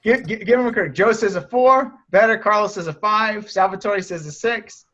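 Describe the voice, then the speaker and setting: A man's voice: high-pitched, fairly quick, pushed and bright. A man coaching sellers on a group call, direct and encouraging, often restarting his sentences. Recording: muffled lo-fi audio.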